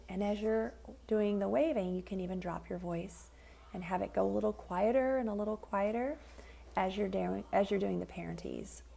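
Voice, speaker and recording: A woman speaks as a parent coach in a calm, unscripted educational tip. Her voice is heavily gravelly with a dark, mellow tone, and she pauses often on fillers as she explains. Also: mid-range voice. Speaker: parent coach and child sleep expert. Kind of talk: informal educational video tip.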